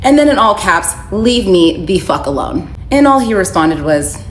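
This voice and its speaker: A woman's voice: medium pitch, sing-song, moderate pace. A young adult woman telling a personal story in a candid, wry way, quoting messages in her own voice. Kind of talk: casual storytelling to camera. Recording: echoey room with faint background noise.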